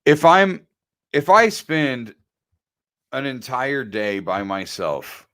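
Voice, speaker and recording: A man's voice: mid-range voice, very animated, slow, sharp tone, dry recording. A man in his forties co-hosts a podcast, swearing freely as he tells candid, personal stories. His voice sits mid-range. The sound is dry and close to the mic. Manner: profane, candid storytelling. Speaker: podcast co-host. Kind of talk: casual podcast chat.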